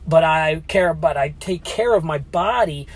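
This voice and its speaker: A man's voice: a little high, measured pace. A man in his forties, a health vlogger, telling a story in a rambling, casual way with many restarts. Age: 40s. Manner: rambling, retells conversations with frequent restarts. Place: at or near a gym.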